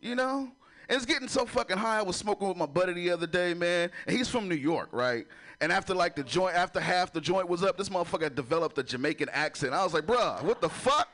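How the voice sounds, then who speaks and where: A man's voice: high-pitched, quick pace, a bit bright. A man doing a crude stand-up comedy set, laughing at his own jokes and talking in a loose, chatty way. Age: adult with a son. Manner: loose, chatty, keeps asking "you know".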